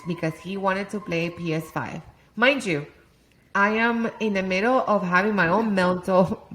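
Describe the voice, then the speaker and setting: A woman's voice: on the low side, rough recording. A woman in her thirties co-hosting a casual parenting podcast, telling family stories candidly, swearing freely. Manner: candid, swearing, animated storytelling. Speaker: podcast co-host, mother. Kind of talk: casual chat.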